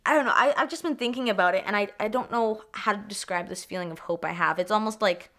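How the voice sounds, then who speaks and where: This sports vlogger is a young woman from Canada whose mid-range voice moves quickly. She chats excitedly and casually, swears without holding back, says things twice, and lets thoughts drift off unfinished.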